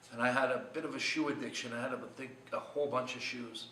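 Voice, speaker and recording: A man's voice: medium pitch, steady tone, brisk, bright, forceful tone, reverberant, distant mic, a little hiss or hum, poor audio. A man preaching a short devotional sermon in an earnest, conversational way, asking his listeners many questions. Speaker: pastor.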